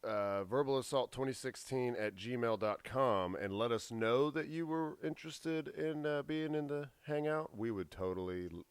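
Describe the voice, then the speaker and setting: A man co-hosting a casual podcast, relaxed and joking. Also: medium pitch, moderate pace, few pauses, clear, resonant tone, no room sound. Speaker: podcast co-host. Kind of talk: casual chat.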